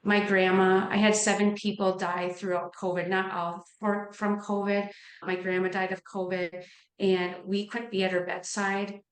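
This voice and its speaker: A woman's voice: mid-range voice, flat delivery, measured pace. A middle-aged woman, a nurse, telling her personal story in an interview with earnest, heartfelt feeling. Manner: earnest, heartfelt, gets emotional. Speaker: nurse and life coach, podcast guest. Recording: echoey room.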